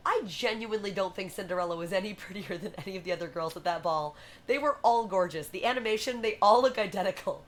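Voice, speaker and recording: A woman hosting a livestream, chatty and animated as she retells a story to her viewers. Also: mid-range voice, quick pace. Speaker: livestream host. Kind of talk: casual retelling and performing for a live chat.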